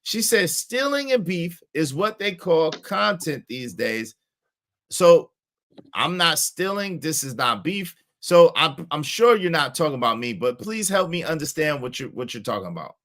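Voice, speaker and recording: A man hosting a live stream, giving shout-outs and reacting to clips in casual, repetitive chat. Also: a little high, sing-song, measured pace. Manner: chatty, repeats phrases, gives shout-outs.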